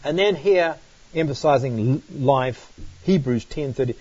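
A man's voice: mid-range voice, normal speed, a little mellow, husky, no echo. Man teaching a Bible study, lo-fi. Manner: explanatory, reads scripture aloud, frequent "right?" checks.

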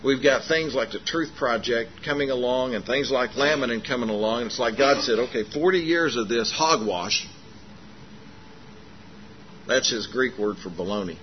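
A man preaching a sermon, telling a story in a folksy, animated way and acting out the dialogue, with many fillers. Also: medium pitch, brisk, few pauses. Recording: muffled lo-fi sermon recording with faint noise.

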